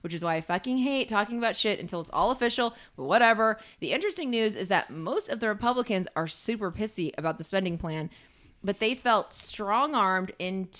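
A woman's voice: medium pitch, lively intonation, fairly quick, a bit bright. A woman co-hosting a podcast in casual political chat, ranting and swearing freely. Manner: profane, ranting, full of fillers. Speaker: podcast co-host.

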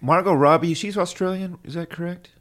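A man's voice: high voice, a little fast, a bit bright. A man co-hosting a podcast in casual chat, incredulous and swearing often, laughing along. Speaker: podcast co-host.

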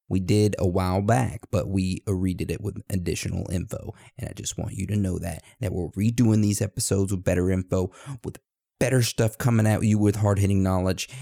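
A man's voice: fairly low pitch, vocal fry, dark tone, no echo, studio quality. A man co-hosting a podcast, reading listener reviews aloud in a casual, joking way and going off on playful tangents. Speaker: podcast co-host.

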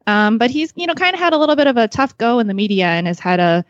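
Speaking fast in a slightly high voice, a magazine staffer appears as a podcast guest for a casual chat, rambling with many fillers and describing herself as awkward. The audio is lo-fi with no echo.

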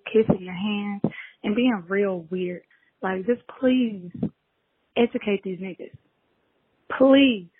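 A woman's voice: mid-range voice, slightly rough, dry recording. A woman caller leaving a voicemail question, exasperated and pleading. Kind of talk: casual voicemail. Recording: tinny phone voicemail.

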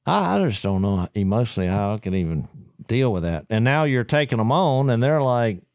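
A man with a middle-pitched voice talks through his thoughts in a casual faith podcast, paraphrasing passages as he goes. He is heard close and dry. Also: very animated, fairly quick, a little mellow, dry recording. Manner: thoughtful, with frequent fillers and restarts. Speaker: podcast co-host.

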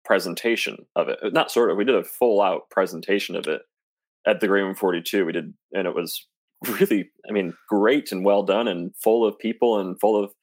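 A man speaks steadily and plainly in a casual video-call chat. His voice sits on the lower side, and the recording is dry with no room sound. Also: fairly quick, no room sound. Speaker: co-host and musical writer.

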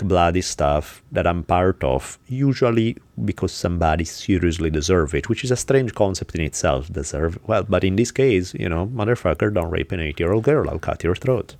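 A man's voice: low voice, darkish tone, no room sound. A man hosting a podcast, telling a story in a blunt, casual, profane way. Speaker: podcast host. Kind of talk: casual chat.

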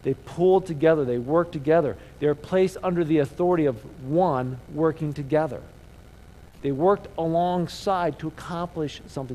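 A man's voice: a little high, warm tone, slight background noise, poor audio. A male pastor giving a conversational sermon, asking rhetorical questions and calling on the audience to repeat key words after him. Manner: call-and-response, asks audience to repeat words.

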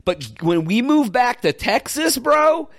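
A man's voice: very high-pitched, sing-song, slow pace, fairly bright tone. A man from Ohio co-hosting a podcast, talking in a loose, profane, rambling way. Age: adult. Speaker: podcast co-host. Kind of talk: casual chat.

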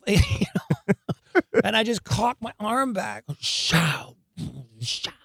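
A man guest in an interview, telling wild stories in an animated, excitable way, laughing often and acting out what people said. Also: high-pitched, takes it slowly, no echo, studio quality. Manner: animated, excitable storyteller who laughs often and acts out quotes. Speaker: guest, rock singer. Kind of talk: storytelling interview.

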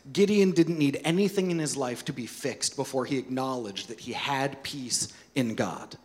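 A man preaching a sermon, telling stories and dropping soft and quiet for the key points. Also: on the high side, in a large hall. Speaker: pastor.

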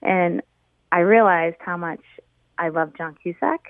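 A woman's voice: lowish voice, unhurried, no room sound. A woman calling a radio show, bubbly and chatty, full of "like" and "um", heard over a phone line. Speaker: caller. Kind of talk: phone-in chat.

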